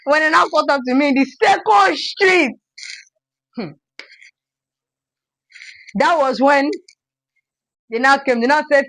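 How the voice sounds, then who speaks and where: A young woman with a Nigerian accent, telling a storytime vlog in an animated, dramatic way and acting out the scenes. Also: high voice, normal speed, long pauses, no echo, poor audio. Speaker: vlogger.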